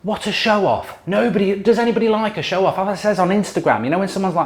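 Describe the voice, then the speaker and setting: A man's voice: high-pitched, expressive, racing, hardly any pauses. A middle-aged man cooking in his home kitchen on a handheld camera, telling a long story in an exasperated, mildly sweary way. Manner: exasperated, swears mildly, mocks others in impressions. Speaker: YouTube host cooking on camera. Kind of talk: casual ranting storytelling while cooking.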